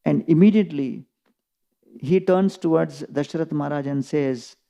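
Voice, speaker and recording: Gravelly high-voiced preacher. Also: male voice, moderate pace. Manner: storytelling, animated retelling. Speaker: preacher giving a scripture class. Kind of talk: scripture lecture.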